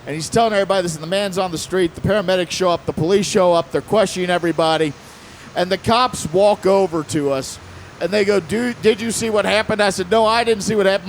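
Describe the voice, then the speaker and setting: A man with a fairly high voice tells a story on a convention panel. He is animated, acts out what people said, and laughs along the way. A faint hiss of noise sits under the recording. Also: gravelly.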